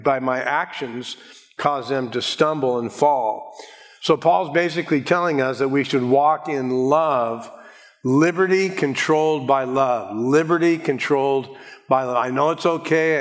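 Pastor teaching verse by verse. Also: male voice, mid-range voice, long reverb tail. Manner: measured, explanatory, slows to stress key words. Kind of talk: expository Bible teaching sermon.

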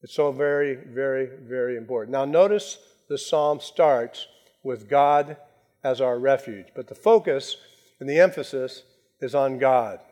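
Guy preaching a sermon, leans hard on the key words, slows right down to hammer them in. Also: mid-range voice, a little mellow. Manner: emphatic preaching, slows down to stress key phrases. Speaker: pastor.

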